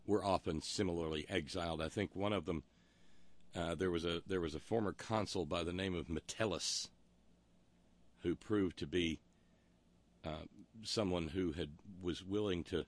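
A man hosting a talk show, delivering a wry, rambling monologue full of historical asides. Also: deep voice. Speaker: radio talk show host.

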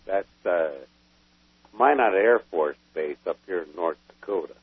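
A gruff male veteran calls into a radio show and talks in a folksy, emphatic way. His husky voice swings widely in pitch. He comes through a tinny, dry phone line. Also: lively intonation, a little slow, no echo. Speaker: call-in caller, military veteran.

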